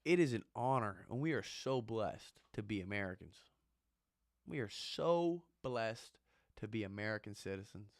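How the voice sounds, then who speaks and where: A man's voice: on the low side, lively intonation, normal speed, no room sound, studio quality. A man and former Marine giving an impassioned, ranting monologue, repeating his points with emphasis. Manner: fired-up, ranting, emphatic repetition.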